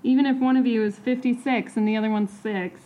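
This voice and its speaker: A woman's voice: on the high side, steady tone, quick pace, mellow, poor audio. A woman co-hosting a podcast in casual chat, blunt and sardonic in manner. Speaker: podcast co-host.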